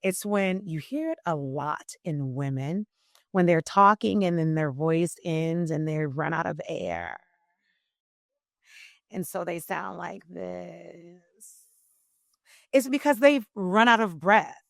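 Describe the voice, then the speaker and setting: A woman voice coach explaining in an interview, teacherly and emphatic, swinging between loud and soft phrasing. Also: deep voice, sing-song, unhurried, no room sound, studio quality.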